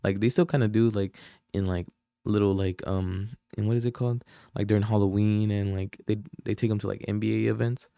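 A young man spins a long, slangy story, packed with fillers, curses and acted-out quotes. His voice sits low with a dark, mellow tone, and it is recorded dry and close with no room sound. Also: vocal fry, no room sound. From Oakland, California. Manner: slangy, profane, rambling with many fillers. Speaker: podcast host. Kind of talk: casual storytelling.

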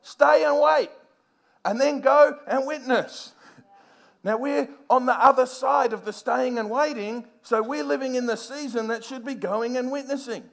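A male preacher giving a sermon in an animated manner, rising to emphatic points and playfully acting out scenes. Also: very high voice, unhurried, vocal fry.

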